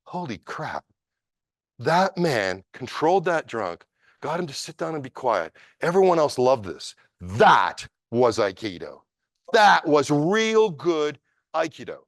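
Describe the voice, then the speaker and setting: A man voicing the inner thoughts of a big American martial artist on a train, emphatic and excited, while telling a story. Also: medium pitch, unhurried, no echo, studio quality, pitched above the performer's own voice. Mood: awed. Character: big American martial artist, eager to test himself, then awed.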